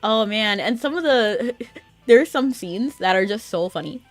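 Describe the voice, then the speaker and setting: A woman's voice: mid-range voice, animated, moderate pace, no room sound, faint music behind. Chatty young woman streaming a game. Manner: chatty and rambling, with frequent filler "like". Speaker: VTuber streamer. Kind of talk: casual gaming stream chat.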